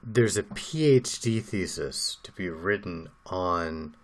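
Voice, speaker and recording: A man co-hosting a casual podcast. He reacts easily and chips in with side comments. His voice sits a little low. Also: takes it slowly. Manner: relaxed, reactive listener who jumps in with asides. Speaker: podcast co-host. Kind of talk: casual conversation.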